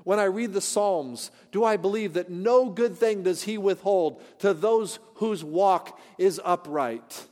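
High-voiced pastor preaching in a reverberant church. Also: male voice, measured pace, hardly any pauses. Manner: earnest, questioning, shifts from loud to hushed. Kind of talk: sermon. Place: church sanctuary.

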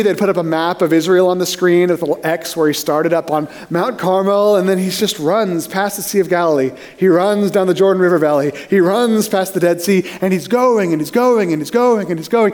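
A man preaching a sermon as pastor, telling stories with energy and dropping to a hushed voice for emphasis. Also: high-pitched. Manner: animated storyteller who drops to a hushed voice for emphasis.

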